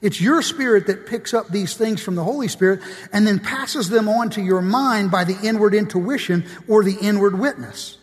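Guy preaching to his church, reads book quotes, asks the crowd stuff, kinda high voice. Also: moderate pace, long reverb tail. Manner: reads quotes from books aloud, asks the congregation questions. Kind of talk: sermon.

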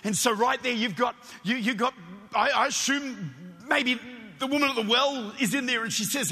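An Australian man preaches with a very high, sharp, piercing voice, tumbling into excited stammers as he tells his stories. His sermon rings out through a church with a long, echoing hall reverb. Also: normal speed, breathy edge. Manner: energetic, animated storytelling with stammered restarts.

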